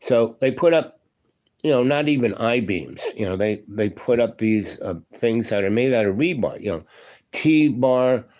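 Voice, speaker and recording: A man's voice: medium pitch, lively intonation, a little slow, a little mellow. A man in his seventies, a former union electrician, telling a long story in a rambling, casual way and tossing in "you know" and "right?". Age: 70s.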